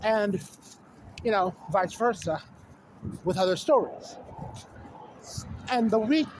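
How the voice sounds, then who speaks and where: A man with a notably high voice rambles through a casual film rant, restarting sentences and piling on fillers as he gets exasperated. It sounds recorded on a phone camera at home, with a faint noise underneath. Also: slow, poor audio. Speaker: video essayist.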